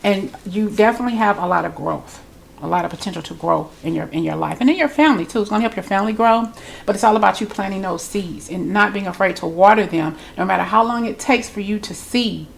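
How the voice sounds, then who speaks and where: A woman's voice: medium pitch, quick pace, vocal fry, a little hiss or hum. A woman with a congested voice, giving a chatty, loose spiritual reading straight to her viewers. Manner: chatty, loose, repeats herself. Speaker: tarot reader.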